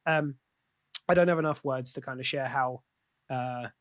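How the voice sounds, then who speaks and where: A man's voice: medium pitch, moderate pace, dry recording. A man speaking as a podcast guest in candid, casual conversation, swearing freely and often restarting his sentences.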